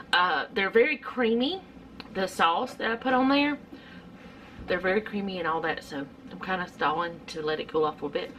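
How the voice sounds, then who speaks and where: A woman's voice: mid-range voice, fairly bright tone, slight background noise. A middle-aged woman, chatting casually through a home cooking vlog in her kitchen, rambling with lots of fillers.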